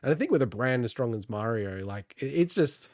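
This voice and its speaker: A man chats on a gaming podcast, laughing between his points and often starting over mid-sentence. His voice sits at an ordinary pitch. The sound is close and dry. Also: expressive, brisk, darkish tone, no echo. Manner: laughs often, rambling with restarts. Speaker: podcast co-host. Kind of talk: casual chat.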